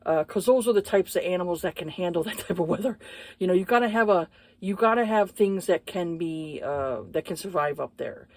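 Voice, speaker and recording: Lowish-voiced woman ranting about a book, cusses a lot, lots of uhs and ums, dry close sound. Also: a little fast, darkish tone, no room sound. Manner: blunt, profane, exasperated; hesitant with many fillers. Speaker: book reviewer. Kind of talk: casual book review rant.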